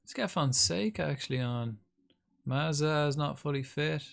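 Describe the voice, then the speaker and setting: Streaming a game live, this man speaks at a moderate pace in a slightly high, somewhat bright voice with vocal fry. He's chatty and rambling, talking to his audience and calling out chat members by name.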